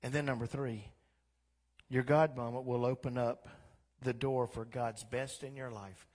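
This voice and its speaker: A man preaching a sermon as pastor, swinging from quiet talk to loud, impassioned exhortation. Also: medium pitch, steady tone, a little slow, long reverb tail. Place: church sanctuary.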